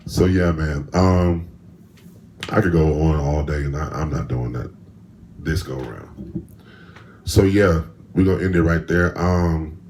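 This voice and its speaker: A man's voice: a bass voice, darkish tone, a little hiss or hum. A man hosting a solo podcast, telling stories in a loose, rambling, slangy way with speech. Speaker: podcast host. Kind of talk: casual solo podcast monologue.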